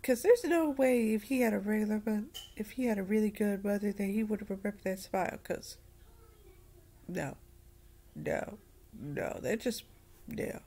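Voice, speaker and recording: A woman giving a casual anime review, rambling and repeating herself in an animated way. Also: medium pitch, normal speed, breathy edge.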